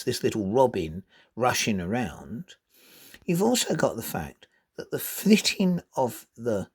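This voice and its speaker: A man giving a spoken lesson on poetry, reading verse aloud and stressing syllables deliberately to show rhythm. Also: mid-range voice, husky. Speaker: poetry teacher.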